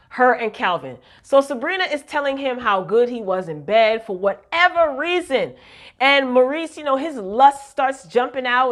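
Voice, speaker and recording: A woman, casually recapping a TV drama episode in a chatty, animated way with slang. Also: a little high. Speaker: recap vlogger.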